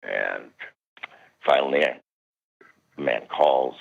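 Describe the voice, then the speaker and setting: A man being interviewed as a guest parapsychologist, telling stories animatedly with sudden jumps in pitch. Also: takes it slowly, gravelly. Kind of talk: recounting stories in a radio interview. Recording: dull lo-fi radio call.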